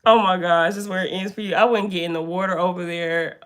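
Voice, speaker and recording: A young woman hosts a casual live stream from a room indoors. She greets viewers by name and chats with them in an animated way. Her voice is bright and crisp. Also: lowish voice, fast talker. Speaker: livestreamer.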